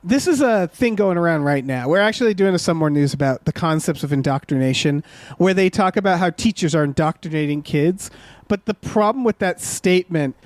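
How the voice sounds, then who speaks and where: A man with a high voice rants sarcastically while co-hosting a movie podcast. His tone is animated and exasperated, and the sound is dry and close with no room around it. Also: fairly quick, no room sound. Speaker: podcast co-host. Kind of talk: casual movie commentary.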